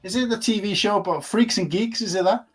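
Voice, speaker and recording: A man's voice: high-pitched, fast, faint music behind. A man co-hosting a live stream, chatting casually and rambling through restarts and fillers. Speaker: co-host.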